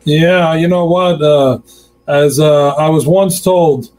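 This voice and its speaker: A man's voice: on the high side, fairly even intonation, slow pace, a little mellow, rough recording. A man hosting his own show in casual chat, affectionate and telling stories. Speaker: radio show host.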